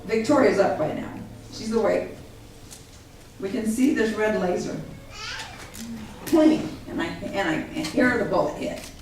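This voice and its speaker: A woman giving an earnest, animated personal account to a live audience, acting out what others said, heard from a distance in a large echoey hall. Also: medium pitch, unhurried, long pauses. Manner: earnest, animated storytelling that acts out others' words. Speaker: speaker at a public gathering. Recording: echoey hall from far off, faint hiss.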